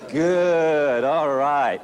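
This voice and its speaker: A man's voice: fairly high pitch, drawn-out words, slight background noise. A man teaching a puppy training class, upbeat and coaxing, cheering the owners on. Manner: upbeat, coaxing, full of encouragement.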